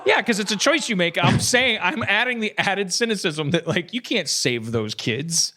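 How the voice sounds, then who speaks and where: A man riffing with sardonic, quick interjections as host of a live comedy podcast. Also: high voice, sing-song, bright, forceful tone. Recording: live audience crowd audible.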